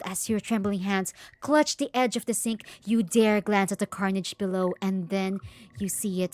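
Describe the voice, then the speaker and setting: A woman's voice: mid-range voice, steady tone, moderate pace, a little mellow. A woman streamer reading a horror game's text aloud with dramatic, tense narration and shocked asides.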